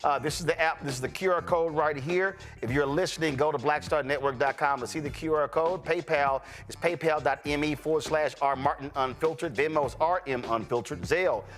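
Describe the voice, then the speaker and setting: A man's voice: on the high side, a little fast, few pauses, fairly bright tone, faint music behind. Brash joking male talk show host. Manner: blunt, joking, uses street slang and cussing; speaks straight to viewers, appeals for support. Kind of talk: unscripted show banter and storytelling.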